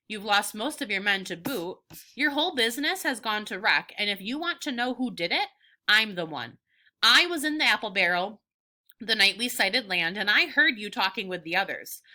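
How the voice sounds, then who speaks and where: Defiant young boy in a storybook read-aloud, lightly voiced by a woman teacher; very bright, earnest. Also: medium pitch, animated, moderate pace. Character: bold young boy defying pirates.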